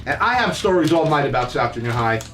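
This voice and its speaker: An older New Jersey man who hosts a podcast tells childhood stories in a rambling, profane, laughing way, casual storytelling at a quick pace. His voice is a little high, very animated, and a bit bright. The recording has roomy echo, a distant mic, faint music, and a little hiss or hum.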